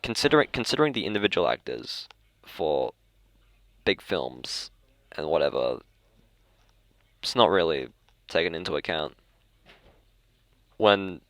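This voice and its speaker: A man's voice: sits low, very animated, a little slow, pauses often, fairly bright tone, no room sound. A young Australian man hosting a casual podcast, rambling and correcting himself as he goes. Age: young adult. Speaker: podcast host. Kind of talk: casual chat. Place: school library.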